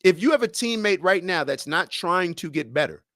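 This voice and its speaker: A young man hosts a casual livestream, reading out viewer comments and arguing back with sports comparisons. His voice sits a bit high for a man. The sound is dry and close, with no room echo. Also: expressive, normal speed, sharp tone. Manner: conversational, reads viewer comments aloud; argumentative, uses sports comparisons. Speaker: livestream host.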